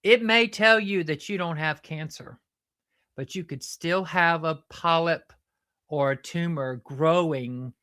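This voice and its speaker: A woman's voice: low-pitched, slow, fairly bright tone, clear, resonant tone. A woman with a Southern US accent, hosting a chatty, earnest, self-mocking update. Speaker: host. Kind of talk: casual comedic update.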